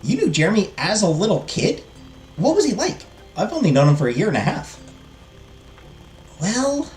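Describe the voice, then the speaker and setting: A man voicing a cheerful, sweet teenage boy in a game, bright and gushing, in an echoey room with faint music behind. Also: high-pitched, huge pitch swings, normal speed, pitched above the performer's own voice. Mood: eager.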